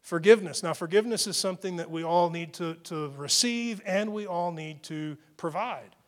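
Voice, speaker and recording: Male pastor, chatty sermon delivery, voice a touch on the higher side, restarts phrases often. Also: normal speed. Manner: conversational storytelling, frequent restarts.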